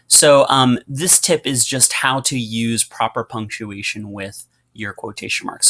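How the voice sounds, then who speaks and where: A man teaching a writing lesson, explaining patiently with frequent fillers and reading example passages aloud with lively emphasis. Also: medium pitch.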